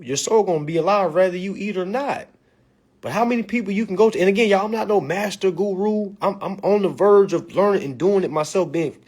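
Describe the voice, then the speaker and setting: A man's voice: high-pitched, a little mellow, husky. A man holds forth in a profane monologue. He talks bluntly and provocatively, lecturing his listeners like a preacher. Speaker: vlog commentator. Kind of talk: ranting monologue.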